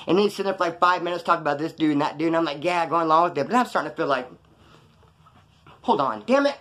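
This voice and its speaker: A man with a high-sitting, somewhat bright voice shares a story from his past with the camera. His delivery is casual, foul-mouthed and slangy, and he takes on the voices of the people in it.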